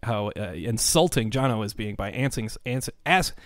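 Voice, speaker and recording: Animated joking podcast co-host, a man. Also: fairly low pitch, moderate pace, no room sound, studio quality. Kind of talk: casual chat.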